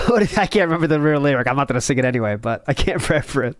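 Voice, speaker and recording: A man's voice: medium pitch, expressive, rapid-fire, no room sound, clean studio sound. A man co-hosting a live stream, reacting to a clip with mocking jokes and frequent laughter. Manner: joking, mocking, laughs often. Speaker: stream co-host. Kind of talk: casual stream reaction chat.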